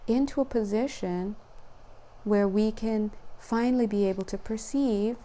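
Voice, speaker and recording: A young woman hosts a casual card-reading video as a spiritual card reader, chatty and rambling, often laughing and getting excited as she goes. Her voice is mid-range and a little slow.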